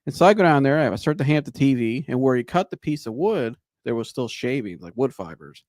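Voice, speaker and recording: A man's voice: medium pitch, animated, a little fast, a little mellow, no room sound, studio quality. A man hosting a podcast, telling a long rambling anecdote in a casual way, with restarts and laughter. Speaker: podcast host. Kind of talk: casual storytelling.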